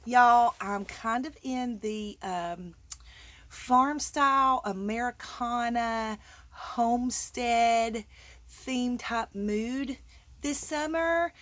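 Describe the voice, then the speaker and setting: Gushing high-voiced Southern woman. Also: drawn-out words, a bit bright, no echo. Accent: Southern US (Georgia). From Georgia, USA. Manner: gushing, effusive, chatty with viewers. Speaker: crafting vlogger. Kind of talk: casual chat unboxing mail.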